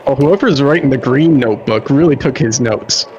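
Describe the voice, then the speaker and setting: A man on a casual gaming stream with a voice of ordinary pitch, reading in-game notes aloud at a steady, measured pace. His mic sounds a little dull and lo-fi, with a faint hiss behind him.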